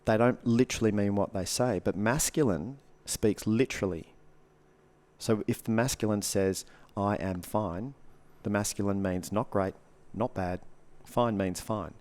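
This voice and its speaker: A man with a somewhat low voice talks as a podcast guest, sharing what he has learned as a coach. His delivery is loose and conversational. He swears freely and slips into lively acted reactions to make his points. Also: normal speed. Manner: animated, swears freely, acts out quoted reactions.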